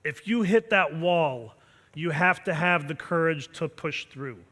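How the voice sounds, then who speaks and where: A man's voice: fairly high pitch, animated, unhurried, pushed and bright. A man, a martial arts instructor, giving an intense motivational pep talk to his students and leading them in call-and-response chants. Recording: long reverb from a large hall.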